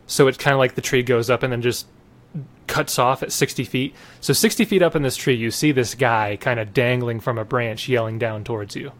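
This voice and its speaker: Man, game master, tabletop game, casual, halting, fillers and restarts. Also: medium pitch, steady tone.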